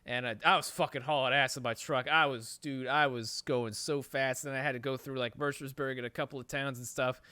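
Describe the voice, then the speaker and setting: A man's voice: mid-range voice, a little fast, few pauses, clean tone, no echo. Swearing, rambling male podcast host. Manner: profane, rambling, animated storytelling. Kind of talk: casual storytelling chat.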